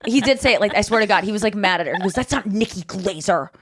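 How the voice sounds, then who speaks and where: A woman's voice: medium pitch, very fast, crowd noise. A woman in her thirties hosting a podcast, chatting casually and acting out the voices of people in her stories. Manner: animated storytelling, acting out quoted voices. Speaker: podcast host. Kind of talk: casual chat.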